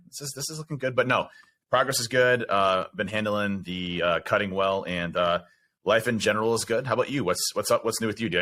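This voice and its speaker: A man's voice: on the low side, bright, forceful tone. A man co-hosting a casual podcast chat, talking in an upbeat, rambling way with many fillers. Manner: upbeat, rambling, lots of fillers like "you know" and "uh". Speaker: podcast co-host.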